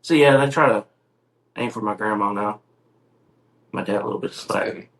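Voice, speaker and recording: A man's voice: lowish voice, moderate pace, fairly bright tone, low-quality recording. A man co-hosting a podcast, telling a family story in casual chat, rambling with restarts and fillers. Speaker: podcast co-host.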